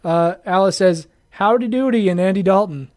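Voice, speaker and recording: A man's voice: high-pitched, moderate pace, darkish tone. A man hosting a sports podcast in casual chat, rambling and laughing often. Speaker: podcast host.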